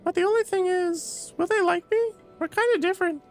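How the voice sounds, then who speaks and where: A man's voice: extremely high pitch, fairly quick, faint music behind, voice pushed up. A man voicing a small, cheerful childlike alien boy who cooks, talking eagerly and curiously. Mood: chirpy.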